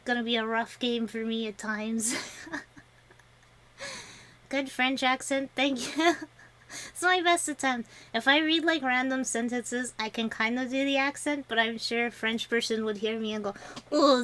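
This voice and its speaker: A woman's voice: on the high side, fairly bright tone. A young woman streaming to viewers and chatting casually, laughing often and rambling with many restarts. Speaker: vtuber streamer.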